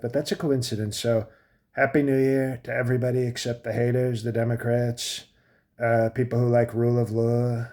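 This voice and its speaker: A man's voice: medium pitch, mellow, lightly acted. A man playing a boastful older male president in his late seventies, who rambles, trails off and restarts his sentences in a comic monologue.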